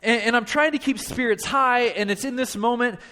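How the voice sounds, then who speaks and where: Animated storytelling pastor in his thirties. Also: very high-pitched, normal speed. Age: 30s. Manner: animated, self-deprecating, frequent restarts. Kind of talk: storytelling sermon. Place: church.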